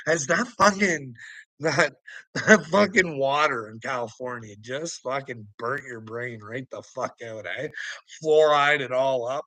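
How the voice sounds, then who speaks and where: Profane ranting man with a bright voice. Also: medium pitch, expressive, slow pace, no echo, poor audio. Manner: profane, heated, laughing between lines. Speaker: vlogger. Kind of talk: ranting monologue to camera.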